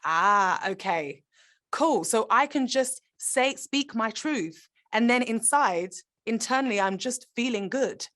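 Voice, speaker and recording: A woman's voice: on the high side, unhurried, hardly any pauses. A woman, an actor, talking in a conversational interview, earnest and reflective, often restarting her sentences. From Britain.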